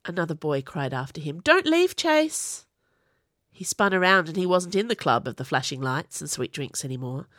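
A woman narrating an audiobook in an expressive reading voice. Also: deep voice, brisk, hardly any pauses, no room sound, studio quality.

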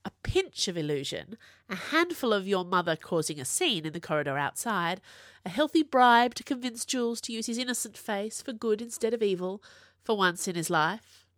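A woman's voice: medium pitch, very animated, moderate pace, a bit bright, no echo. A brash young witch, teasing and emphatic, her voice leaping up and down, as a woman narrator plays her. Close and dry, with no room sound. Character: brash young witch, sharp-tongued, fiercely loyal.

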